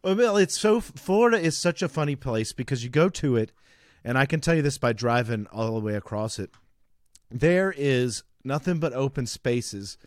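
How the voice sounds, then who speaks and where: Animated and mid-range, this man in his thirties speaks at a moderate pace as he co-hosts a podcast. He rambles through long stories in casual conversation, laughing frequently, in studio-quality audio with no echo.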